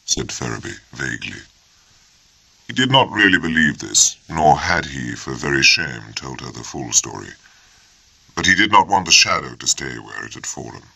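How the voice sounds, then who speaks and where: A man narrating an audiobook in a measured, expressive storytelling manner. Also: rumbling low, creaky, husky, dry recording, low-quality recording. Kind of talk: scripted narration.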